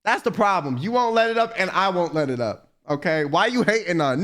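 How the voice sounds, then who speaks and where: A man's voice: sits high, very animated, a little fast, hardly any pauses, a bit bright. A young man chatting on a livestream, reading aloud and riffing in slangy, teasing talk. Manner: reads aloud then riffs, slangy and teasing. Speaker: streamer. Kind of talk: casual livestream chat.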